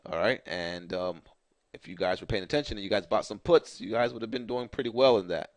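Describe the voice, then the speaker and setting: In a lowish voice, going a little fast with no room sound, a market analyst host offers an informal recap of stocks while looking at charts. He speaks loosely and repetitively, leaning on fillers and the same phrases over and over.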